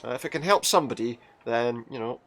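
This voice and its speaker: A man's voice: mid-range voice, quick pace, a bit bright. A man hosting a let's play, joking casually and reading game dialogue aloud. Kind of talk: casual gameplay commentary.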